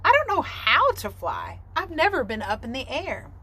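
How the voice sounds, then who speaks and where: A woman reading as an unsure young cygnet, earnest and questioning, from a storybook. The voice rises a touch and moves lively through each question. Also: high voice, moderate pace, breathy edge, full character voice. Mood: worried. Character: worried young male cygnet, curious, unsure.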